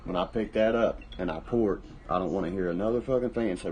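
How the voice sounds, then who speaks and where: A man's voice: low voice, fast talker, a little mellow, slight background noise, low-quality recording. A man hosting a casual livestream, rambling and boastful, swearing often while he drinks. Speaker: livestream host.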